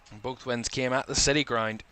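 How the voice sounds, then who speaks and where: A man's voice: mid-range voice, fairly even intonation, brisk, bright, forceful tone, smooth. A man giving live football commentary for a watchalong stream, calling player names in short bursts and lifting his voice as attacks build, a little tired. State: tired, yawning.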